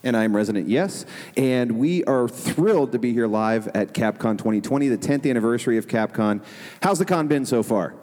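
A man's voice: mid-range voice, expressive, moderate pace, darkish tone, a little hiss or hum. A man co-hosting a podcast live at a convention, upbeat as he thanks and introduces his guests. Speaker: podcast co-host. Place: convention hall with live audience. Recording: live hall recording with long reverb and crowd.

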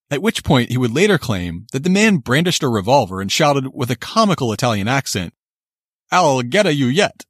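Husky man narrating true crime. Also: medium pitch, dry recording, clean studio sound.

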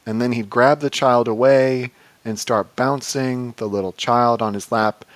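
A man putting on a rambling older male entertainer who drifts off into food tangents and mumbles little "a baw" tics. The voice sits at an ordinary middle pitch. The sound is dry and close, with no room around it. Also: steady tone, unhurried, no echo, lightly acted. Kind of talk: comedic impression in a podcast.

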